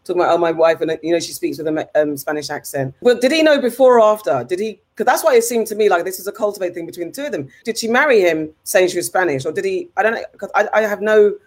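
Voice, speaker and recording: Fast-talking opinionated woman. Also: medium pitch, lively intonation, darkish tone. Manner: rapid, emphatic opinionated talk. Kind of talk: casual chat.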